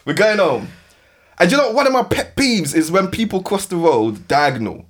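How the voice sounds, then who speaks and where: Lively London man telling a story. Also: high-pitched, moderate pace. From West London. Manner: animated, laughing storyteller. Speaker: podcast host. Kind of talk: casual storytelling chat.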